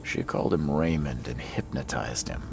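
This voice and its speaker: An actor voicing a grim male detective in a game, examining crime scenes in a deep, gravelly voice. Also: sing-song, moderate pace, heavily acted. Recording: game audio with ambient noise.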